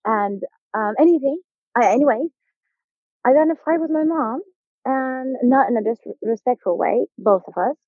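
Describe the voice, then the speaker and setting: A young adult woman from Turkey with a Turkish accent, a podcast guest telling an animated story and acting out the people in it. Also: sits high, moderate pace, dry recording. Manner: animated, acts out quoted voices, laughs often. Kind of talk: casual interview storytelling. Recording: tinny phone-like line, dry.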